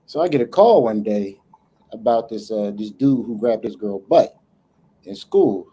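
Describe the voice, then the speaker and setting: Animated husky-voiced man telling stories. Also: lowish voice, unhurried. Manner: animated, profane, acts out dialogue. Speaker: podcast co-host. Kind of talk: casual storytelling chat.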